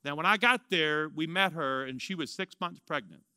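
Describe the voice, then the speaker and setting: Man in his 50s, pastor preaching a story; ringing, very bright and smooth tone, lively delivery. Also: fairly high pitch, moderate pace, dry recording. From Louisiana, US. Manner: animated storyteller, swings from excited to hushed. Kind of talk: sermon storytelling.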